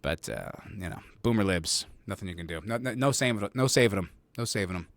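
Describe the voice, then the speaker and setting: A podcast host talks on his own show from home, close to a desk mic, giving casual, sarcastic solo commentary with rambling, swearing, and frequent laughs at his own jokes. His voice sits on the low side and is creaky, with lively intonation and a fairly quick pace, and there's no room sound.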